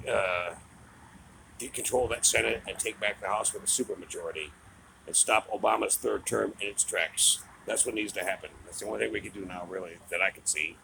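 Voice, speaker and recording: A man's voice: lowish voice, fairly quick, creaky, noisy background. A middle-aged man giving a heated, profane political rant, mocking and angry. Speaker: political commentator.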